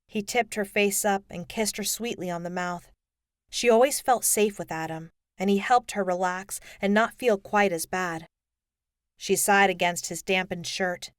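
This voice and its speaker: A woman narrating a young adult novel in a measured storytelling manner. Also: mid-range voice, smooth, dry recording, studio quality. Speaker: audiobook narrator. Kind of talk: scripted narration.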